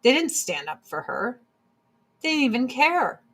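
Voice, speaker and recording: A woman's voice: high-pitched, sing-song, a little slow, a bit bright, breathy edge. A woman chatting casually and bluntly while doing her makeup, swearing freely as she gives her opinions. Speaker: streamer.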